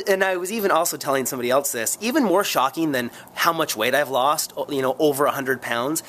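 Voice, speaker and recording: A man chatting casually to camera in a vlog, rambling and excitable, sore after a long run, poking fun at himself between plenty of fillers. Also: medium pitch, a little hiss or hum. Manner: rambling, excitable, self-mocking, lots of fillers. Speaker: vlogger.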